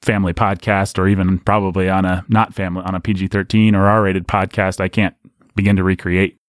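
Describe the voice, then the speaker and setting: Low-voiced chatty man, dry sound. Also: brisk, no room sound. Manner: animated, rambling, candid. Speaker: podcast co-host. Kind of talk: casual book discussion.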